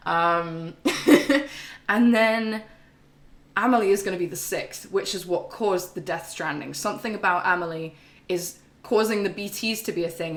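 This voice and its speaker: A woman streamer gives a casual, rambling game recap to her live chat, swearing freely and full of ums and laughs. Her voice is lowish and a bit bright, with a roomy echo on the recording.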